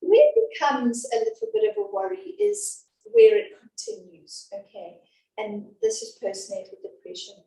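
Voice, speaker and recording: A woman's voice: high-pitched, sing-song, moderate pace, warm tone. A woman teaching an antenatal class in a chatty, reassuring, down-to-earth way, in a classroom. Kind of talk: informal class talk. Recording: echoey room from a distance.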